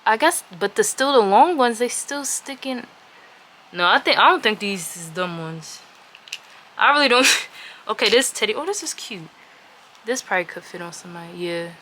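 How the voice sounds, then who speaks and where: Excitable woman chatting through an unboxing. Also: mid-range voice, moderate pace. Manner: chatty, easily excited, talks to viewers as "y'all". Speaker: vlogger. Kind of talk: casual unboxing chat. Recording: noisy room with packaging crinkles.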